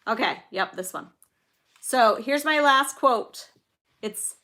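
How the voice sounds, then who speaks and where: A woman's voice: on the high side, animated, slow, sharp tone. A woman in her thirties hosting a casual live-stream trivia game, chatty and giggly, telling little stories between questions. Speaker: livestream trivia host and mother.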